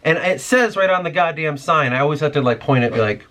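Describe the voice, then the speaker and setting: A man's voice: a little high, animated, fast, hardly any pauses, a bit bright, slight background noise. A man hosting a podcast, delivering a rambling, irritated, profane rant in casual talk. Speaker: podcast host.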